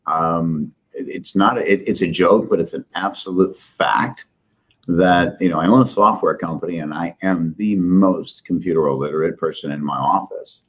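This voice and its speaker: A middle-aged man, CEO of a software company, appears as a guest in a casual interview, telling rambling, self-deprecating business stories. His voice is low-pitched with a fairly bright tone.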